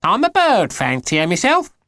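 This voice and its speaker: A man's voice: sits high, wildly swooping pitch, measured pace, bright, forceful tone, no room sound, pitched above the performer's own voice, exaggerated voice. A man putting on a grumbling old neighbour, raised and thin. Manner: rambling, grumbling.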